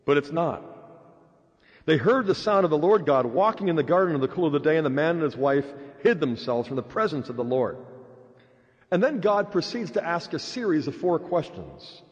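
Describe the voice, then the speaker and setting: A man's voice: on the high side, normal speed. A man preaching a sermon, telling stories and acting out the voices in them. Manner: animated, acts out voices in stories. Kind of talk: sermon with storytelling. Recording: dull echoey hall recording.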